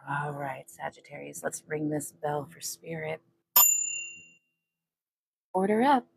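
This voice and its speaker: Low gravelly woman reading tarot. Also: slow, very noisy. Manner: chatty, talks to spirit and viewers, hums while shuffling. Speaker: tarot reader. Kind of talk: casual tarot reading to viewers.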